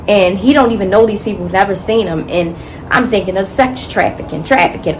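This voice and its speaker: A woman at middle pitch tells a personal story as a single-mother vlogger, emphatic and full of "you know". Her talk is emotional and conversational, with repeated words for stress. A faint hiss sits under her voice. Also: rough recording.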